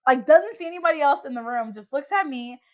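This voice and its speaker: A woman's voice: high-pitched, fast. A young woman hosting a podcast, telling stories in a casual chat and acting out the people she quotes. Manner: animated storyteller, acts out quotes. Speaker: podcast host. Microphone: podcast microphone.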